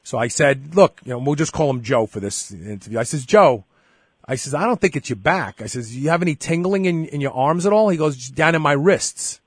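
Middle-aged man, husky voice, fairly high-pitched, dry close sound, animated storytelling. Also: brisk, no echo. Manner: animated storyteller, acts out dialogue. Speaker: show host. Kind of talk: casual storytelling chat.

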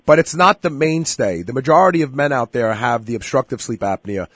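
A man's voice: mid-range voice, animated, brisk, fairly bright tone, no echo. A man hosting a radio health interview, talking emphatically and speaking straight to his listeners. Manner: emphatic, direct address to listeners. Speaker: radio show host.

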